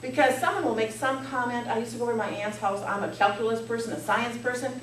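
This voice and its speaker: In a meeting hall full of listeners, a middle-aged contest speaker with a high-leaning voice talks quickly through a funny, playful speech, getting the room laughing along. Her voice is picked up from far off in the echoey hall, with a little faint noise.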